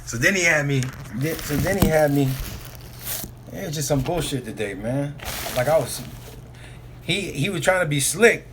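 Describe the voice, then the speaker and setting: A man's voice: on the high side, expressive, moderate pace, long pauses, noisy background. A man who drives oilfield trucks tells a rambling, profane story in a casual vlog, repeating himself and filling the gaps with asides.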